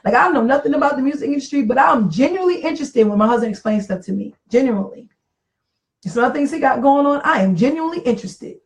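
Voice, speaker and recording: A woman's voice: high voice, lively intonation, racing, hardly any pauses, slight background noise, rough recording. A middle-aged woman in casual talk about marriage, earnest and reflective, repeating phrases for emphasis. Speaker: podcast co-host.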